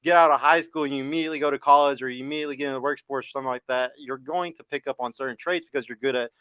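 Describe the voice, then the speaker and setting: A man's voice: medium pitch, steady tone, rapid-fire, a bit bright, clean tone, dry recording. A man in his thirties hosting a dating podcast panel, talking in a blunt, stern and argumentative way. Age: 30s. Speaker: podcast host. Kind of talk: casual panel chat.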